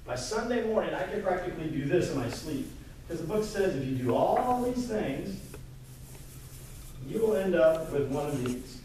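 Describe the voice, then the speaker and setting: A man from Kentucky giving a lively storytelling pitch to a live audience, acting out the dialogue as he goes. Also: moderate pace, a little hiss or hum. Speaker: entrepreneur presenter. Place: live event room, indoors. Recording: echoey room, mic far off.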